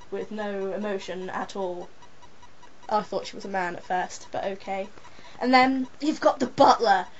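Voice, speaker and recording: A young woman chatting casually, excited and rambling, giggling now and then. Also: fairly high pitch. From England. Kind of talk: casual chat. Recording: dull lo-fi webcam audio with faint hiss.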